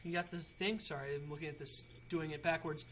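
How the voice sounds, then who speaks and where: Bright-voiced young man, chatty tutorial. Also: a little high, steady tone, a little fast, a little hiss or hum. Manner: rambling, chatty, many restarts. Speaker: tutorial host. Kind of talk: casual how-to video.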